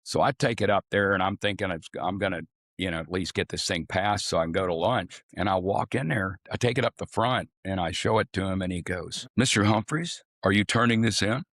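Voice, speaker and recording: An older man from Arkansas, a former swim coach, tells rambling, folksy stories as a podcast guest, casually swearing through his anecdotes. His voice is low and fairly bright, a little fast, recorded with studio quality and no room sound.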